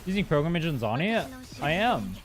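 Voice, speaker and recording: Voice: mid-range voice, big pitch swings, brisk, over music. A young adult game streamer from California, chatting casually with chat while playing and swearing freely.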